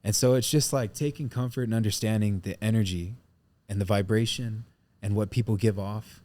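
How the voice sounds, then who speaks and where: A man's voice: on the low side, fairly even intonation, moderate pace, mellow. Emotional man reading aloud on a podcast. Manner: emotional, reads a passage aloud, swears casually. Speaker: podcast co-host. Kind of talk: casual podcast chat.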